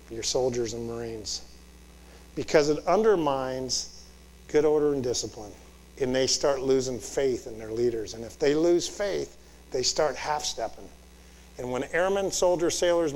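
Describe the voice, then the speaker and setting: A man's voice: a little high, darkish tone. Commanding man speaking in a reverberant hall. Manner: direct, punctuated with "Okay?" and rhetorical questions. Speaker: military commander addressing officer students. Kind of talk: motivational leadership talk. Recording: long reverb in a large hall.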